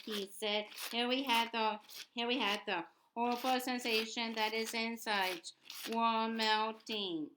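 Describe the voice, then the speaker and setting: Woman reading a book out loud real slow, keeps restarting, noisy room. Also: on the high side, level tone. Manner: halting, many restarts and repeated words. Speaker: audiobook reader. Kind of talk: reading a novel aloud.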